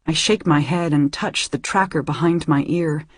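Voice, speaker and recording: A woman reading a novel aloud in the first person, with soft, intimate and hushed narration. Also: low-pitched, fairly even intonation, measured pace, hardly any pauses, dry recording, studio quality. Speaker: audiobook narrator.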